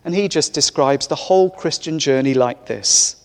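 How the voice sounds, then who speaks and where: Vicar preaching in an echoey church. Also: male voice, on the high side, moderate pace. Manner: warm, conversational preaching with light humor. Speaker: parish vicar. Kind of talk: sermon. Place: large church.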